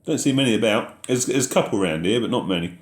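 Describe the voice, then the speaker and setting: A man's voice: mid-range voice, animated, fast talker, roomy sound. A man hosting a casual live question-and-answer chat about farming, reading out viewer messages and answering them in an easygoing way.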